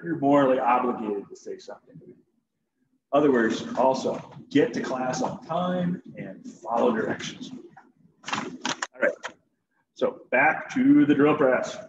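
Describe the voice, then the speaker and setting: A man's voice: medium pitch, big pitch swings, moderate pace, reverberant, lo-fi sound, a little hiss or hum. A man teaching a shop class in a folksy, joking way while demonstrating tools. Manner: folksy, joking, talks to students directly. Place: school workshop.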